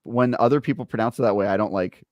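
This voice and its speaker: A man's voice: lowish voice, fast, no room sound, dull audio. A man co-hosting a gaming podcast in casual chat, rambling through stories and poking fun at himself. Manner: rambling, self-deprecating storyteller. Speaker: podcast co-host.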